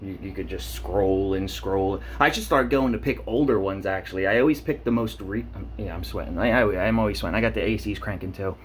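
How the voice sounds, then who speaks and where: A man's voice: lowish voice, brisk, hardly any pauses, a little hiss or hum. A man in his late thirties giving a rambling, profane monologue for his vlog, talking himself into a worked-up state in his shower. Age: 30s. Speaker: vlogger. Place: home shower.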